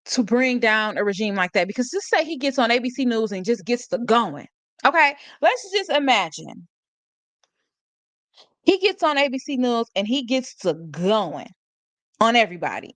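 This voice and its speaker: A woman's voice: on the high side, very animated, unhurried, long pauses, fairly bright tone, dry recording. A woman hosting a live stream, talking about a court case in a casual, sarcastic way, laughing often and reading out chat comments. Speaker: livestream host.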